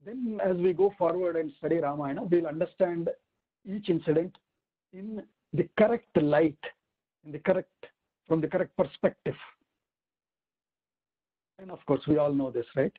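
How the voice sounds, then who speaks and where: A man teaching a weekly scripture class, explaining step by step with rhetorical questions and slow recitations. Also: a little high, narrow, tinny audio. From India. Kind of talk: weekly online scripture lesson.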